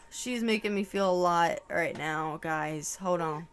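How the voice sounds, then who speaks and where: A woman's voice: on the low side, a little slow, hardly any pauses, smooth. A woman giving a casual channeled tarot reading to camera, emotional and exclaiming, swearing casually. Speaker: tarot reader.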